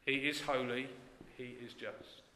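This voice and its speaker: A man preaches with earnest emphasis, his phrase ends dropping away soft and low. His voice has a bright, forward tone. It rings out in a roomy church hall, with a long reverb trailing behind each line. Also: level tone, a little slow. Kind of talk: sermon.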